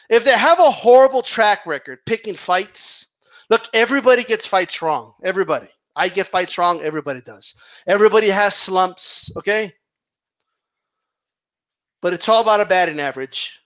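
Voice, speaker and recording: A man's voice: high voice, expressive, normal speed, pauses often, a bit bright, dull audio. A man ranting about boxing in a heated, casual monologue, swearing and repeating himself for emphasis. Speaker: boxing commentator.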